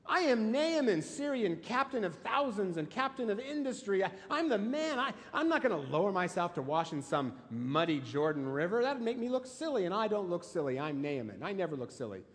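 Brief: pompous, indignant general, higher and lively, put on by a man, hall reverb. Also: fairly quick, hardly any pauses. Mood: indignant boasting. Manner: boastful, indignant. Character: pompous proud male army general.

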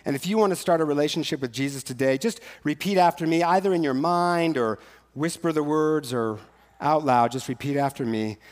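A man's voice: mid-range voice, brisk. A man preaching a sermon as pastor, conversational and joking, shifting at times into rhythmic rhyming lines. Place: church sanctuary. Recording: long church hall reverb.

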